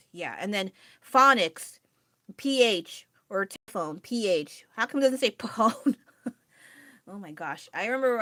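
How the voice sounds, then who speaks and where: A woman's voice: mid-range voice, a bit bright, no echo, clean studio sound. A woman chatting casually on a drawing livestream, rambling and restarting her sentences and laughing often. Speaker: art streamer.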